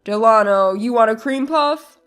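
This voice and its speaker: A woman's voice: fairly high pitch, normal speed, clear, resonant tone, faint music behind, lightly acted. A woman voicing a smug, entitled grown brother who talks down dismissively. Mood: excited.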